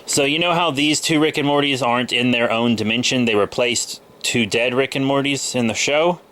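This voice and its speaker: Casual male vlogger in his twenties, bright and sharp-toned, under the weather, loose and rambling. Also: medium pitch, normal speed. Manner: rambling, loose, with many fillers. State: a little sick with a cold. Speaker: comic book vlogger. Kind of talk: casual haul video chat.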